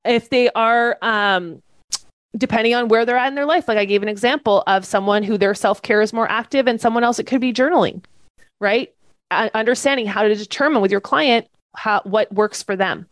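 A woman's voice: fairly high pitch, brisk, no room sound. A woman leading a live online fitness-coaching training class from a webcam setup. She speaks with enthusiasm and keeps checking in with "okay?" and "right?".

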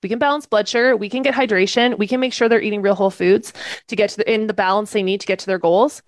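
A woman's voice: medium pitch, fairly even intonation, fast, dry recording. A woman leading a live online fitness-coaching training class from a webcam setup. She speaks with enthusiasm and keeps checking in with "okay?" and "right?".

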